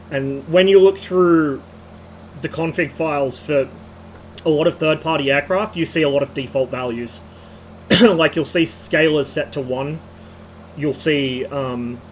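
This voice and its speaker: A slightly hoarse man streaming, giving a rambling technical rant with casual swearing. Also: a little high, slight background noise, poor audio.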